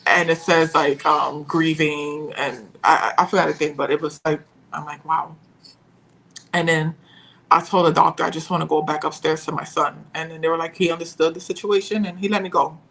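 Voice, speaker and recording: Young woman guest, bright voice, halting storytelling, keeps restarting sentences. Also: sits low, steady tone, gravelly, slight background noise, rough recording. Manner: halting, searching for words. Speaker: podcast guest. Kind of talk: emotional personal storytelling.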